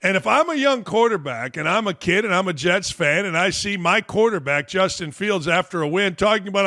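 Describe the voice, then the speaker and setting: A middle-aged American man hosting a sports talk show, ranting bluntly and profanely with sudden shouted outbursts. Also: high-pitched, lively intonation, brisk, few pauses, no room sound, studio quality. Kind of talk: opinionated sports rant.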